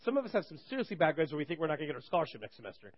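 A man's voice: a little high, very animated, racing, lo-fi sound. A man giving a casual, rambling sermon to college students at a live campus gathering, chatty and full of joking asides. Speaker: campus ministry preacher.

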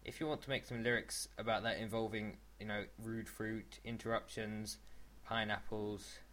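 A man's voice: fairly low pitch, flat delivery, moderate pace, fairly bright tone, slight background noise. A man co-hosting a casual podcast, chatting in a rambling way and often restarting his sentences. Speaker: podcast co-host.

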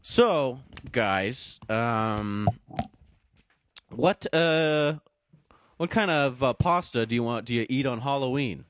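A man's voice: mid-range voice, animated, takes it slowly, fairly bright tone. A man co-hosting a podcast in a casual chat, goofy and joke-telling, laughing a lot. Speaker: podcast co-host.

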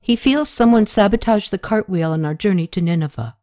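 A woman's voice: mid-range voice, brisk, mellow, dry recording, clean studio sound, voice pushed up, close to an everyday voice. A woman reading an uneasy young prince. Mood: urgent. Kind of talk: audiobook character reading.

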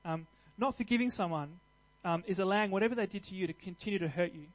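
Earnest high-voiced male preacher. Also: fast talker, low-quality recording. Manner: earnest, conversational, with restarts and fillers; builds to louder emphatic passages. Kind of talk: sermon.

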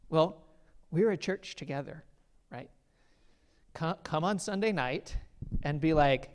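Guy pastor preaching, chatty and earnest, says like a lot, kinda higher voice. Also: takes it slowly, pauses often. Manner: conversational, many "like" fillers, earnest. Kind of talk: sermon.

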